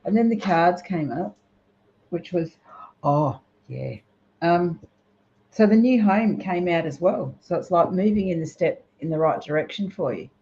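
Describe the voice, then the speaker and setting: A woman's voice: fairly low pitch, lively intonation, a little slow, warm tone. Swearing, chatty woman host. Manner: blunt, swears freely, chatty. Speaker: host and psychic reader. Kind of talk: casual live stream chat. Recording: dull lo-fi live stream audio.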